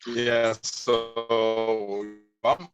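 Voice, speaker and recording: A man sharing personally in a group, speaking softly and haltingly with many fillers. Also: medium pitch, flat delivery, soft background music, rough recording. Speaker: peer supporter.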